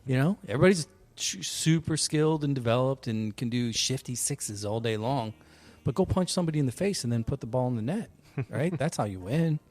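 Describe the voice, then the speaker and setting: A man hosting a podcast, chatting casually and telling lively stories with frequent laughs. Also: mid-range voice, a little fast. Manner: animated storyteller, laughs often. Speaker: podcast host. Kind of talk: casual chat.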